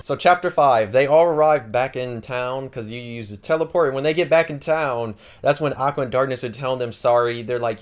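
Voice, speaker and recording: A man's voice: medium pitch, fast, few pauses. A man hosting an anime channel, recapping a story in a casual, rambling, slangy way. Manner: rambling, slangy, lots of fillers.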